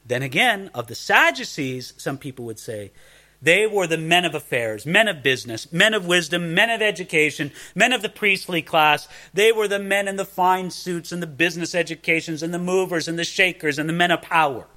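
A man preaching a sermon, animated and conversational, often asking rhetorical questions. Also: fairly high pitch, brisk. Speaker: pastor.

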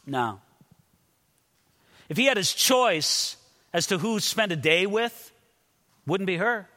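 A man's voice: high-pitched, lively intonation, takes it slowly, pushed and bright, long reverb tail. A man preaching an expository sermon as a pastor, earnest and emphatic, often repeating words as he stresses a point.

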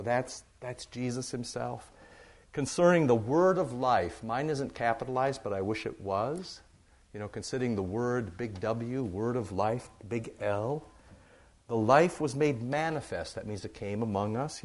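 A man's voice: medium pitch, moderate pace. A middle-aged man, a pastor, giving church announcements and leading a Bible study in a rambling, good-humored way. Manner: chatty, warm-humored, rambling with fillers.

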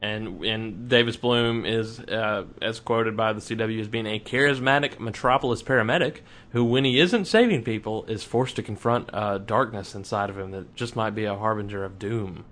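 A man's voice: fairly low pitch, normal speed, few pauses, fairly bright tone. A man co-hosts a casual fan podcast, talking loosely and thinking aloud. He rambles and restarts his sentences as he goes. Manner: chatty, rambling with restarts and hedges. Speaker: podcast co-host.

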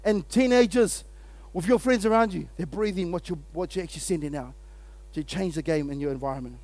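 A man preaching a sermon as pastor, energetic and exclamatory, calling out to his congregation and laughing between points. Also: sits high, a little fast. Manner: energetic and exclamatory, often laughing, calls out to the audience.

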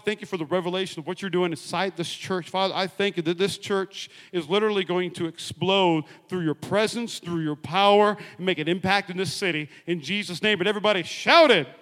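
Pastor guy hyped up, high bright voice, big echoey church hall. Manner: energetic, joking, rallying the crowd with call-and-response. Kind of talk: sermon. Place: large church auditorium.

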